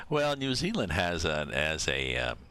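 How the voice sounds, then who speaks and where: A man's voice: very deep voice, pushed and bright. A man streaming a truck driving game, chatting casually and musing aloud as he reads out viewer names from a desk mic. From Canada. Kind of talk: casual live-stream chat while driving a truck sim.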